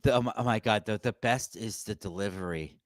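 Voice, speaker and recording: A man's voice: on the low side, a little fast, no echo. A man hosting his own wrestling podcast, talking casually and animatedly, laughing often and leaning on "you know" and "right?". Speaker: podcast host, channel owner.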